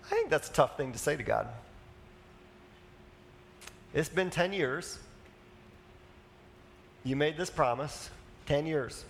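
A man's voice: on the high side, slow pace, pauses often, slight background noise. A man preaching a conversational sermon as a pastor, casual and chatty, with asides and fillers.

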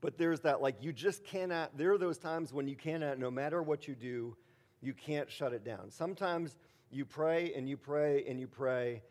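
A man's voice: a little high, normal speed, a little mellow. Middle-aged male pastor, chatty sermon delivery, loose and rambling with lots of fillers, punches key words hard. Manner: casual, rambling, many fillers, emphatic bursts. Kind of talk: conversational sermon.

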